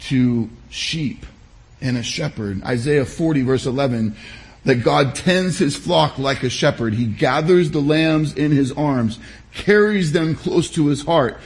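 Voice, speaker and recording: A pastor giving a sermon, preaching in a measured, emphatic way with deliberate pauses. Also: male voice, mid-range voice.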